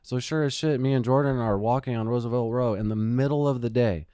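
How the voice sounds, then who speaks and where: A man's voice: medium pitch, fairly quick, dark tone, clear, resonant tone, no room sound. Casual male podcast co-host, profane rambling storyteller, clean dry close-mic sound. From Phoenix, Arizona. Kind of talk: casual chat.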